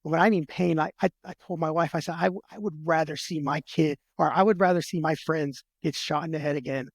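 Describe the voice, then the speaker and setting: A man pours out his own story as a podcast guest, earnest and heartfelt, stumbling into restarts and repeated words as he goes. His voice sits a touch high for a man and turns gravelly at the ends of phrases. The sound is close and dry, with no room behind it. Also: fairly even intonation, no echo. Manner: earnest, heartfelt, retells conversations in quick back-and-forth. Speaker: podcast guest, military veteran. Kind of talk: emotional personal storytelling in a podcast interview.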